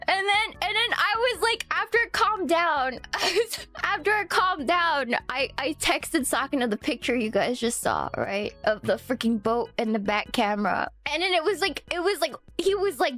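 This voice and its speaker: A woman streamer telling a story in casual chat, laughing often, swearing freely and repeating herself excitedly. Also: sits high, normal speed, faint music behind.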